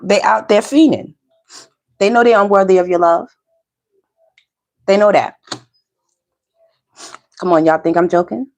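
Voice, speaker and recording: A woman's voice: mid-range voice, measured pace, gravelly, pauses often, darkish tone. Chatty woman giving a tarot reading. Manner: chatty, talks straight to viewers, laughs often. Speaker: tarot reader. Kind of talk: casual tarot reading chat.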